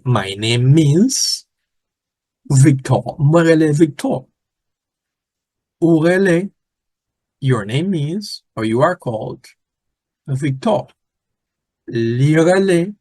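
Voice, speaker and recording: Male language teacher, patient and repetitive, animated pitch, slightly husky voice. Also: dry recording, poor audio. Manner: patient, repeats words slowly and clearly. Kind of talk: language lesson.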